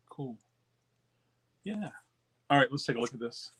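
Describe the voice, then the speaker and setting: A man chats casually as he hosts a live stream about records. He rambles in a relaxed way, full of fillers and restarts, and faint clicking sounds come in behind him. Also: mid-range voice, a little slow, slightly rough. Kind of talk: casual live-stream chat reading viewer comments.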